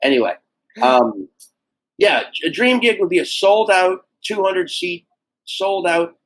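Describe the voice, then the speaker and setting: Animated, swearing man telling stories. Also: sits high, unhurried, rough recording. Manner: animated storyteller, swears freely, acts out quotes. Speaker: guest comedian. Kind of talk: casual podcast interview.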